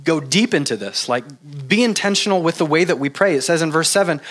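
Male pastor, relaxed conversational sermon, animated delivery, pitch a touch high. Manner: animated, jokey mimicry of repetitive prayer; halting, lots of "like" and restarts.

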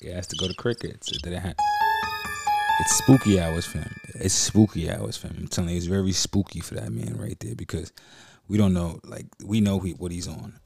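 A man's voice: low-pitched, fairly even intonation, brisk, vocal fry, a little mellow, faint music behind. A man hosting a podcast, reacting to clips in casual, slangy, profane talk. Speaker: podcast host.

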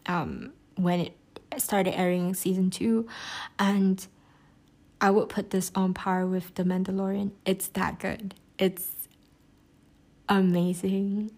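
A woman's voice: mid-range voice, level tone, slow pace, pauses often, darkish tone. A woman in casual chat, gushing enthusiastically about a podcast she loves, rambling with lots of fillers, restarts and laughs. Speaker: podcast reviewer.

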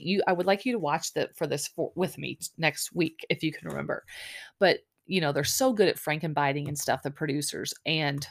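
A woman hosting a podcast, recapping a reality dating show episode in a rambling, casual way full of fillers. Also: sits low. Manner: chatty, rambling, lots of "like" and "um". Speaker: podcast host.

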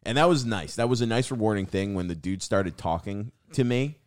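A deep-voiced young man spins a rambling, swear-heavy story and calls everyone "dude". He sits close to a podcast mic in a dry, dead room. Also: fairly quick, no room sound. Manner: profane, says "dude" constantly. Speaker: guest comedian.

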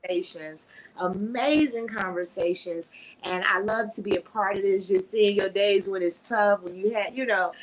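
A woman hosting a casual live podcast, talking frankly and preachily, her voice swinging between loud and soft. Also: mid-range voice, moderate pace, crowd noise, poor audio. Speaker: podcast host.

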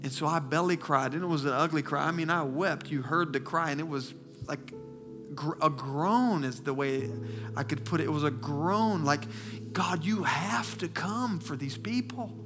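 Impassioned male preacher, tearful and hushed. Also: on the high side, normal speed, over music. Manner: impassioned preaching that drops to hushed, near-whispered confessions. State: fighting back tears. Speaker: pastor. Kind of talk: sermon.

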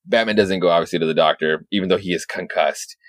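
A man co-hosting a podcast, excitedly recapping a comic in a rambling, casual way with lots of swearing. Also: low voice, fast, no room sound. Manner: excited, rambling, swears a lot, many restarts. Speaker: podcast co-host.

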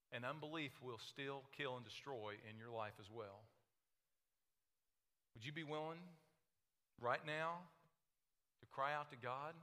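A man preaching a sermon, impassioned, swinging between hushed, intimate lines and loud, urging ones. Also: mid-range voice. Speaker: pastor. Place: church sanctuary. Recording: echoey hall reverb.

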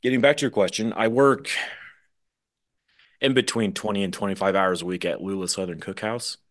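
A young man from the Midwest, a drummer chatting as a podcast guest in a relaxed, rambling way. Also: fairly low pitch, fairly quick. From Midwest USA. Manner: relaxed, rambling, laughs easily. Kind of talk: casual podcast chat.

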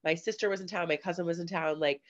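A woman's voice: fairly low pitch, fairly even intonation, fast talker. A woman co-hosting a podcast, talking casually with lots of fillers and quoted asides. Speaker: podcast co-host. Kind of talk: casual chat. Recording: slightly dull lo-fi audio.

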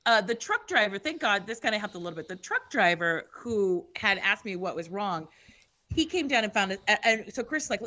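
Animated woman telling a story. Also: medium pitch, fairly quick, dull audio. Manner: animated, swears, acts out quotes. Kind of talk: casual storytelling.

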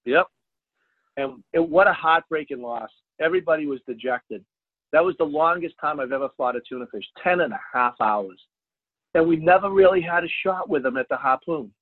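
Husky man telling a story over the phone. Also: on the high side, a little fast. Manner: animated, jumps to loud exclaims when retelling. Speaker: fishing charter captain, guest. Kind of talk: casual storytelling interview. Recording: dry tinny phone line.

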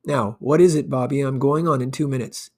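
A man voicing a brisk, chatty stage actress who gives orders to her dresser while she talks. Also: medium pitch, fairly even intonation, natural voice.

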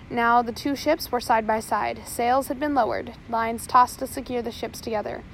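A woman reads an audiobook chapter aloud at a steady pace. Her voice sits somewhat high, and a faint noise hums underneath. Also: creaky, rough recording. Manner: steady reading with small slips. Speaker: audiobook narrator. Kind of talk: audiobook narration.

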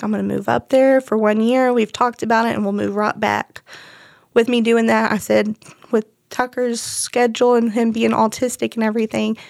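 A young Texas woman appears as a guest sharing her personal testimony, rambling through the story and acting out the quoted dialogue. Her voice is fairly high, gravelly and a little mellow, captured in a dry, studio-quality recording.

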